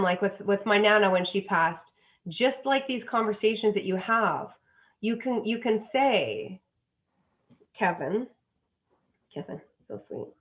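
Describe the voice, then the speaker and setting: A woman, a dog psychic guest, talking earnestly and effusively with many restarts. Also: medium pitch. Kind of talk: emotional interview talk. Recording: tinny phone line.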